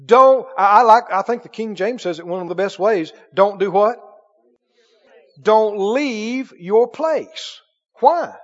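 A man's voice: sits high, moderate pace, hardly any pauses, fairly bright tone, big-room sound, dull audio. A man preaching a sermon as pastor, emphatic, leading the congregation in call-and-response and acting out quoted voices.

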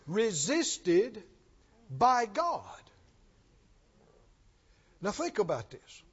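A man's voice: high-pitched, wildly swooping pitch, very slow, husky. A man preaching a sermon in a church, emphatic and questioning, often repeating his lines. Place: church sanctuary. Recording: dull recording with long hall reverb.

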